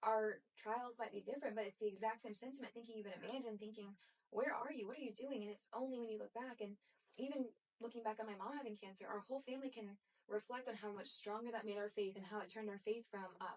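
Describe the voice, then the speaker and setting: A woman's voice: mid-range voice, steady tone, fast talker, a little mellow. A young woman hosting a podcast, speaking earnestly and emotionally about faith. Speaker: podcast host. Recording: distant mic, faulty audio.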